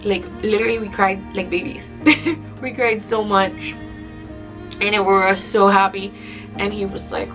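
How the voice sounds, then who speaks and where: A woman's voice: medium pitch, steady tone, a little slow, pauses often, over music. A young adult woman telling a personal story in a casual vlog, chatty and emotional at times. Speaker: vlogger.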